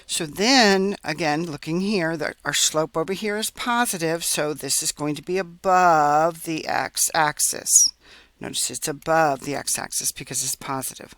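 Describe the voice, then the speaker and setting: A man's voice: on the high side, unhurried, a bit bright, no echo. A man teaching a recorded math lesson, explaining step by step as he works on a graph and checking in often with "right?" and "okay?".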